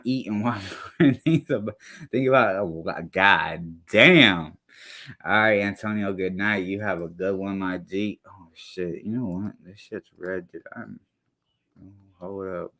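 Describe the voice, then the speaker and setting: Heated low-voiced man ranting. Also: a little slow, a bit bright. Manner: heated, blunt, heavy slang. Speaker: commentary streamer. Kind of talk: profane reaction rant.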